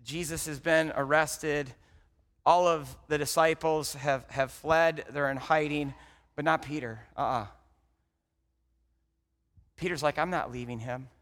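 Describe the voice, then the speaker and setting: A man preaching a sermon, telling the story dramatically and swinging from loud to hushed. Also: a little high, steady tone, takes it slowly, long pauses. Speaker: pastor. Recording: long hall reverb.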